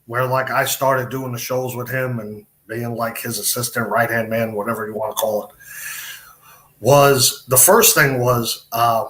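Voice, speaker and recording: A man's voice: mid-range voice, fairly even intonation, measured pace, a bit bright. A middle-aged man, a wrestler, telling rambling stories with quoted dialogue in a casual interview. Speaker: podcast guest, wrestler.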